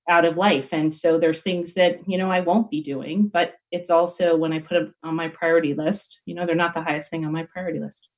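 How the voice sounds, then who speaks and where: A woman's voice: lowish voice, highs cut off. A middle-aged woman giving a candid, reflective interview answer, full of fillers and restarts. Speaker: guest executive.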